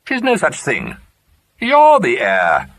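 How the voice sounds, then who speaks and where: A man's voice: medium pitch, huge pitch swings, slow, vocal fry, pitched above the performer's own voice, heavily acted. A man voicing a cantankerous, very old great-aunt who speaks sharply and scornfully. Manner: sharp, scornful, easily offended.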